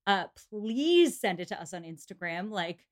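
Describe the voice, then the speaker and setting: A woman's voice: medium pitch, sing-song, normal speed. A woman co-hosting a podcast, chatting casually with an easygoing, wry manner. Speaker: podcast co-host. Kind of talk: casual book-club chat.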